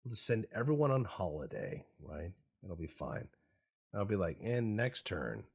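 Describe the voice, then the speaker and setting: A man's voice: sits low, very animated, normal speed, vocal fry, a little mellow, slightly rough. A man giving wry, meandering, sarcastic commentary while playing a strategy game. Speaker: gaming YouTuber. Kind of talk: casual gameplay commentary.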